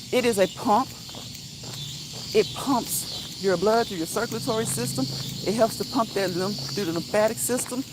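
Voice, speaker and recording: A woman's voice: on the high side, a little hiss or hum, poor audio. A woman hosting a live walk-and-talk stream outdoors, chatting casually, laughing often and reading viewer comments aloud. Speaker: livestream host. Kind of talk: casual live chat while walking.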